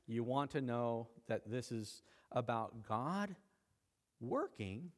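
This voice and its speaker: A middle-aged man, a pastor, preaching a sermon in a chatty way, now and then rising sharply in pitch and loudness. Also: big pitch swings, slow, big-room sound. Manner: conversational preaching with sudden rises in pitch and volume.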